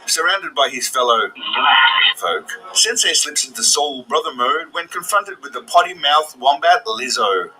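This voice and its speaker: A man's voice: fairly high pitch, animated, unhurried, pushed and bright, rough recording. A man reading scripted, mocking narration for a comedy video, full of sarcastic nicknames. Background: music.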